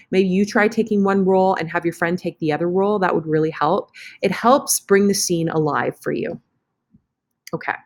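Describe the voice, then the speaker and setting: A woman teacher walks students through an online lesson while recording her screen. Her voice sits a little low, and she keeps it casual and chatty, breaking off to fix a slip as she clicks. It sounds like a computer mic at a desk.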